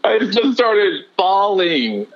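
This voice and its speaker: A man telling his life story as an interview guest, earnest and excited, with lively quoted lines. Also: high-pitched, slow, highs cut off. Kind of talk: testimony interview.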